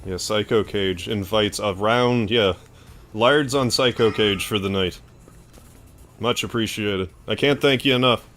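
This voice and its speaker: A man with a Canadian accent streaming a game, chatting casually and thanking viewers with excitable outbursts. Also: fairly low pitch, measured pace. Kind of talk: casual gameplay commentary, thanking chat.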